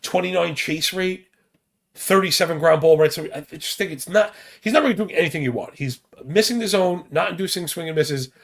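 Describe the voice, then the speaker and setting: Male betting podcast host, casual and stat-heavy, a bit of fry in the voice. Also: on the high side, fairly bright tone. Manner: rapid stat-heavy banter with slang.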